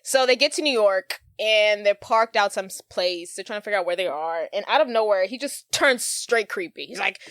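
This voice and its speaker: Woman podcast co-host, chatty plot recap, mid pitch, dry close mic. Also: animated, normal speed, hardly any pauses, a bit bright, no echo. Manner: chatty retelling with laughs and quoted voices. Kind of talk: casual movie recap chat.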